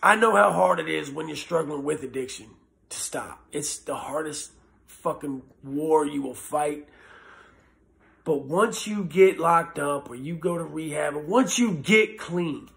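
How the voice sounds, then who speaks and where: Man, former inmate, raw earnest testimony, gravelly, slightly high voice, blunt and halting. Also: fairly bright tone. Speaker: former prisoner sharing recovery story. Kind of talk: personal testimony.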